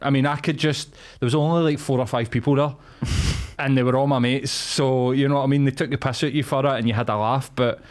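Glaswegian male podcast co-host, foul-mouthed, laughs through his anecdotes, mid-pitched. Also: fairly even intonation, brisk, few pauses. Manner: sweary, laughing storyteller. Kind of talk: casual chat.

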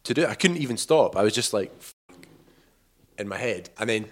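A man telling a cycling trip story in a casual, animated way, acting out quotes and laughing often. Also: fairly low pitch, a little fast. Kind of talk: casual storytelling over footage.

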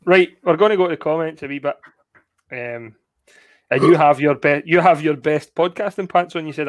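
A Scottish man co-hosting a live podcast, laughing often and reading out viewer comments, his voice a bit husky. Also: a little high, normal speed. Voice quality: husky tonight. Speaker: podcast co-host. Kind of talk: casual live podcast chat.

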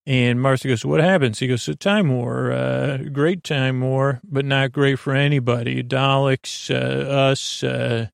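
A man hosting a podcast, casually recapping an episode for bedtime, rambling and halting with many fillers. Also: mid-range voice, little pitch movement, creaky, smooth, no echo, clean studio sound. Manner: acts out quoted lines in a near-plain voice. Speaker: podcast host.

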